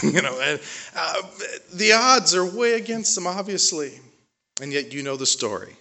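A man's voice: fairly high pitch, normal speed, sharp tone. A man preaching a sermon, retelling a story with acted-out voices, frequent restarts and joking asides. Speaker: pastor.

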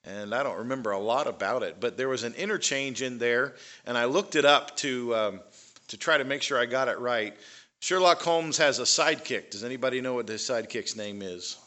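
Guy talking to a crowd, chatty, lots of ums, bright voice. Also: mid-range voice, brisk. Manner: conversational, many fillers, rising emphasis on key points. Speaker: speaker. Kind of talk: talk to a live audience.

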